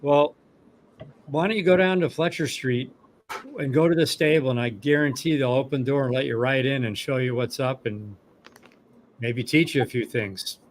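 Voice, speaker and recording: Mid-pitched guy cohosting, upbeat and emphatic, a little noise behind him. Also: fairly even intonation, moderate pace. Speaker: podcast co-host. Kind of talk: casual talk show chat.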